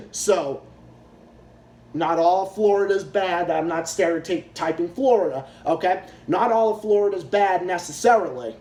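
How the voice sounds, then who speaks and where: A man's voice: high voice, measured pace, darkish tone. A man ranting angrily in a profane, repetitive way, giving political commentary. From Massachusetts, US. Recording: echoey room.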